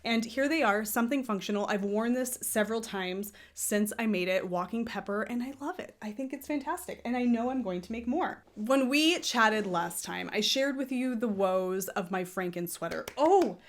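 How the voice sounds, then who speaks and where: A woman's voice: fairly high pitch, expressive, normal speed, hardly any pauses. A woman hosting a knitting podcast, chatting casually in a rambling, self-correcting way. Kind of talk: casual chat.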